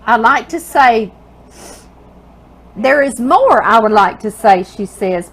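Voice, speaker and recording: Speaking slowly in a voice on the high side, this Louisiana woman with a Southern accent runs a cooking show out of her own kitchen. Her letters from viewers come out tender and emotional, full of laughter and "girl." The recording sounds rough.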